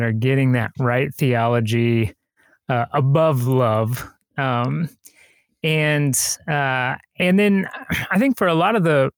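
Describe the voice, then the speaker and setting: A man's voice: a little high, no room sound, clean studio sound. A man from rural Indiana hosting a podcast, asking long, rambling questions. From rural Indiana, USA. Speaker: podcast host. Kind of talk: podcast interview.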